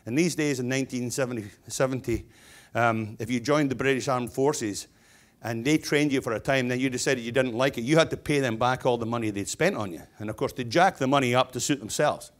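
A man's voice: mid-range voice, a little fast, few pauses. A Scottish man in his sixties giving a keynote speech as a stonemason, in a blunt, jokey, conversational manner. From Scotland.

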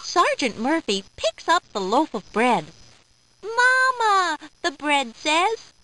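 A woman's voice: high voice, very animated, unhurried, noisy background. A woman narrating a children's storybook, playfully acting out the characters' lines.

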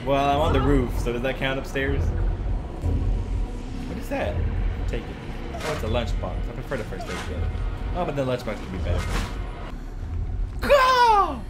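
A woman playing a horror game with a friend, often shrieking, yelling and cackling in playful, teasing banter. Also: extremely low pitch, lively intonation, a little fast, pauses often. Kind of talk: screaming let's-play banter. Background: game music.

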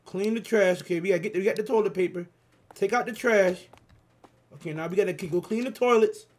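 A man giving excitable, slangy commentary on a horror game, talking straight to his viewers and reading out the game's lines. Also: high-pitched, fast. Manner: excitable, slangy, talks to viewers, reads game dialogue aloud. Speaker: gaming YouTuber.

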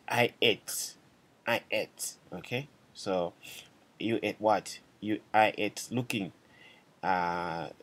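A man giving a casual language lesson, patiently repeating phrases slowly and checking in with "right?" and "okay?". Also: low-pitched. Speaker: language teacher.

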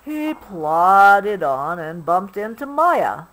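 A mother reading a storybook to her child at home, taking it very slowly and with a voice that rises and falls expressively. She pauses to explain who is who as she goes. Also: medium pitch, big pitch swings, a bit bright, poor audio. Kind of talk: storybook read-aloud.

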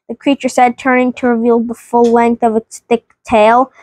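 A woman's voice: a little high, monotone, normal speed, few pauses, darkish tone, no echo. A woman hosting a family vlog, reading a children's book aloud with frequent stumbles and restarts.

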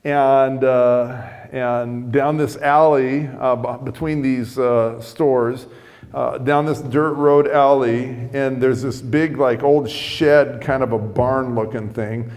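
A man's voice: mid-range voice, steady tone, slow, a little mellow, big-room sound. A man preaching a sermon, telling a story conversationally with frequent restarts.

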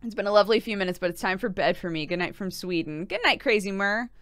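A woman's voice: mid-range voice, lively intonation, quick pace, a bit bright, clear, resonant tone, no echo, studio quality. A young woman streaming a game, chatting casually with her viewers, reading their messages aloud and laughing often.

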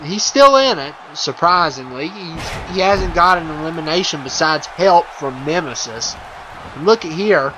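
A man giving playful, excitable wrestling commentary over a video game, chuckling often and full of fillers and restarts. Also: fairly high pitch, normal speed, slight background noise, rough recording.

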